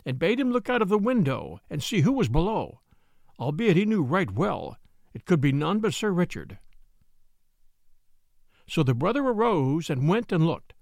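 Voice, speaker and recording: A male storyteller reading an old-fashioned tale aloud. His voice sits high and moves with lively swings, carrying a gravelly texture. The recording is dry and close. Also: no echo. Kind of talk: storybook narration.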